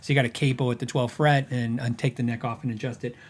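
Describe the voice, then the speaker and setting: A man's voice: mid-range voice, little pitch movement, fast. A middle-aged man hosting a podcast, telling stories in casual chat with lots of fillers and restarts. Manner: rambling, filler-heavy storytelling with laughs. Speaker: podcast host.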